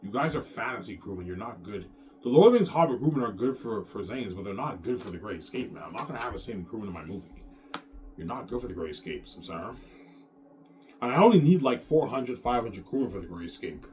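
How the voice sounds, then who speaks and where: Man rambling boastfully, low voice. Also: animated, quick pace, darkish tone. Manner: repetitive, boastful, peppers speech with "man". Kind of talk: rambling monologue. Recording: faint noise, mic at a distance.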